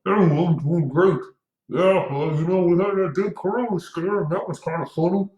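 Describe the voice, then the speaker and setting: A man's voice: sits high, moderate pace, a little mellow, reverberant, voice pushed up, natural voice. A man voicing a fretful masked everyman, whining and muffled as if talking through a mask. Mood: mocking whine.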